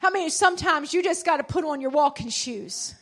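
A woman preaching a sermon with passion, calling out to the congregation and swinging between loud and hushed. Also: high voice, lively intonation, fairly quick. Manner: calls out to the congregation.

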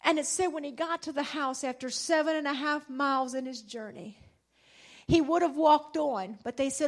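A woman preaching a sermon with passion, calling out to the congregation and swinging between loud and hushed. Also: high voice, moderate pace. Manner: calls out to the congregation.

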